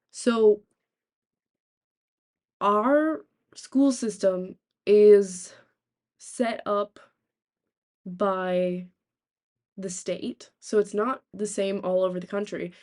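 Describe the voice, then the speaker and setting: A young woman from the United States, a streamer telling rambling, animated stories in casual chat, swearing freely. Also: medium pitch.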